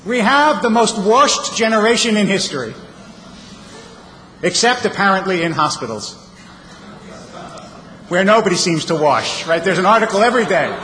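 A man's voice: high voice, animated, normal speed, pauses often, bright, forceful tone, a little hiss or hum. Man preaching in a reverberant hall. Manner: storytelling with wry humor. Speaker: rabbi. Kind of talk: sermon. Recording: reverberant hall, faint ambience.

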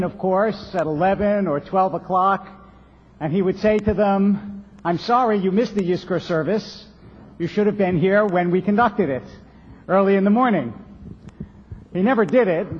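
A rabbi delivers a sermon in a synagogue sanctuary, telling stories at a measured pace and posing rhetorical questions. His voice sits high and sounds husky. The lo-fi recording is dull and reverberant.

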